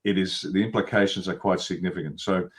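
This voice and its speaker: Blunt man, low voice. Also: steady tone, a little fast. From Australia. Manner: blunt, emphatic, long rolling lists. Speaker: guest commentator. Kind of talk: political commentary interview.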